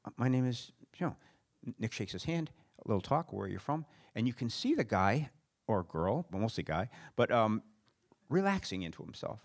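Guy w a lowish voice chatting w a friend, tells stories lively, laughs a lot. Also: normal speed. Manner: animated storyteller, laughs often. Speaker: interviewer and friend. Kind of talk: casual conversation.

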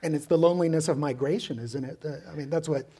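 A man from Mexico City hosts an interview in a mellow, somewhat high voice. He asks curious questions and often closes them with "right?". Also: fast talker, slightly rough. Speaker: interviewer, host. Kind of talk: radio interview.

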